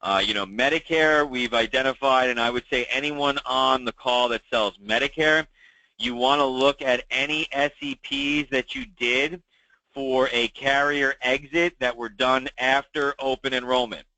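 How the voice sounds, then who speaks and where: A man's voice: medium pitch, normal speed, bright, forceful tone, no echo, rough recording. A man hosting a weekly call for insurance agents, talking through problems in a conversational way with many fillers and repeating key advice. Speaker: meeting host for insurance agents.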